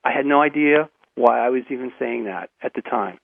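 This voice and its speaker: Man, halting storyteller, gravelly husky voice, tinny phone line, dry sound. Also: mid-range voice, no room sound. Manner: halting, repeats words, chuckles often. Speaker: guest. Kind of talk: personal storytelling in a radio interview.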